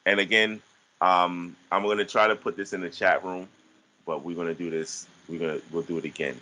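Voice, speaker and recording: A man's voice: low voice, steady tone, sharp tone, rough recording. A man teaching an online class, explaining step by step with frequent restarts and fillers. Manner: halting, many restarts and fillers.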